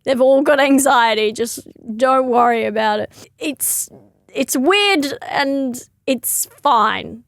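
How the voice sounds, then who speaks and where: A woman's voice: high-pitched, slow, gravelly, no room sound. A young woman comedian rambling through a casual comic monologue, giggling often and correcting herself mid-sentence.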